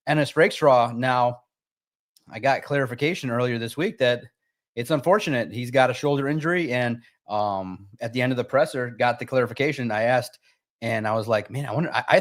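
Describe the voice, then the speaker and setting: A man co-hosting a sports talk show, talking casually and emphatically, often jumping high in pitch to stress a point.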